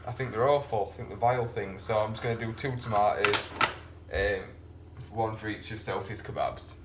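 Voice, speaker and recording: A man's voice: lowish voice, moderate pace, very noisy. Chatty man cooking at home. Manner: chatty, rambling, self-deprecating. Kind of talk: casual cooking commentary. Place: home kitchen.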